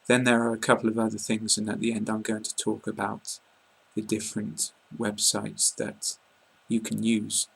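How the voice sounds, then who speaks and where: A British man giving a casual online pronunciation lesson, speaking slowly and carefully and repeating example words. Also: lowish voice, completely flat delivery, vocal fry, slightly rough, rough recording. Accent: British English. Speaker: English pronunciation teacher.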